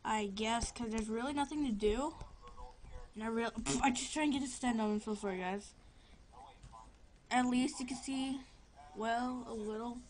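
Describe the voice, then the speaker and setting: A woman's voice: on the high side, normal speed, long pauses. A young woman casually commenting on her gameplay, rambling, giggling and often apologizing. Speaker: gameplay video host.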